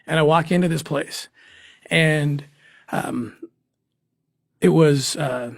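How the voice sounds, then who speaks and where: A middle-aged man recounting a story as an interview guest, earnest and halting, with frequent restarts and moments where he chokes up. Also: fairly high pitch, steady tone, gravelly, dry recording, studio quality. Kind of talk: emotional storytelling.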